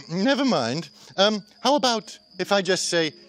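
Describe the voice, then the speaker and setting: An actor playing an eccentric, childish Roman emperor who giggles and talks whimsically. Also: male voice, sits high, animated, slow pace, a bit bright, faint music behind, full character voice.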